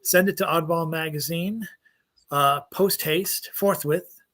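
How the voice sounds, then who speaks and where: Bright-voiced joking man co-hosting. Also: on the high side, takes it slowly. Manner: joking, rambling, with many restarts and fillers. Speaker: podcast co-host. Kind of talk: casual chat.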